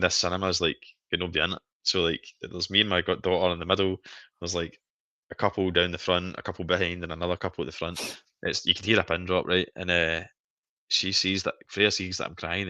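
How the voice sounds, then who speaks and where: A man's voice: sits low, bright, forceful tone, dry recording. A Scottish man in his thirties hosting a casual live stream chat, telling stories animatedly and laughing often. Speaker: stream host.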